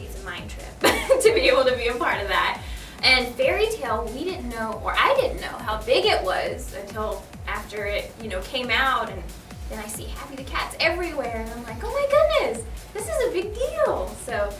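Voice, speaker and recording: A young woman with a high voice chats and giggles through her answers at a convention panel, poking fun at herself. She is picked up from across an echoey hall, with music playing underneath. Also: very animated, normal speed, recorded from a distance. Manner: giggly, chatty, self-deprecating. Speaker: voice actress, panel guest.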